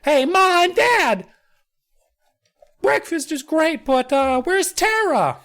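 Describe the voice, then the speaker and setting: Man doing a little boy, high squeaky voice, whiny, bewildered. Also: big pitch swings, takes it slowly, a bit bright, exaggerated voice.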